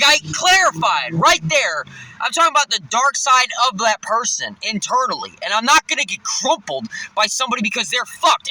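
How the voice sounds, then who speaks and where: A young man telling a heated story in a vlog, swearing a lot, with loud outbursts. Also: high-pitched, poor audio. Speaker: vlogger. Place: in his car, outdoors traffic nearby.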